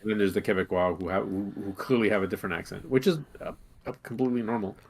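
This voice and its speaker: A man's voice: lowish voice, fairly even intonation, quick pace, slight background noise. A man from Canada co-hosting a casual talk show, rambling with lots of fillers. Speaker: co-host. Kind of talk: casual chat.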